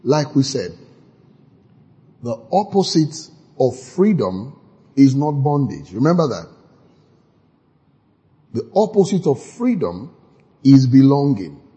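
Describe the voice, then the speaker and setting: A man preaching a sermon in an animated way, now and then shouting out quoted lines. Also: mid-range voice, takes it slowly, long pauses, slightly rough. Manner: animated, acts out quoted voices with sudden shouts. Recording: long hall reverb.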